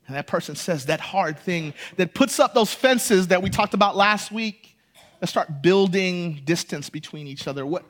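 A man's voice: sits high, fairly bright tone. A man preaching a sermon as pastor, telling a personal story and building to impassioned emphasis.

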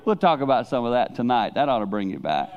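Casting: middle-aged preacher, gravelly voice, candid storytelling, lo-fi recording. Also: male voice, medium pitch, fast. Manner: candid, confessional, animated storytelling. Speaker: traveling preacher. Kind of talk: sermon to a youth congregation.

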